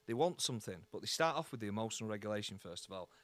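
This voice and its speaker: A man's voice: lowish voice, expressive, a bit bright, no echo. A man hosting a podcast, talking casually, repeating words as he starts sentences. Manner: halting, repeats words, acts out quoted people. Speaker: podcast host. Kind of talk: casual chat.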